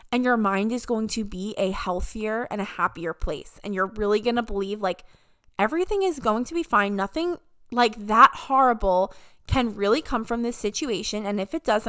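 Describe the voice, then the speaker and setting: A woman's voice: mid-range voice, fairly bright tone. A young adult woman hosting a podcast, giving an upbeat motivational talk and mimicking voices when she quotes people. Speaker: podcast host. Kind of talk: casual motivational monologue.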